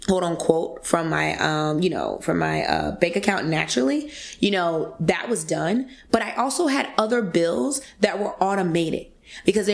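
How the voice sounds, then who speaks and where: Animated woman telling a money story. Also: mid-range voice, normal speed, vocal fry. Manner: animated, acts out quoted voices, addresses listeners as y'all. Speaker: podcast guest speaker. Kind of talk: casual storytelling to listeners.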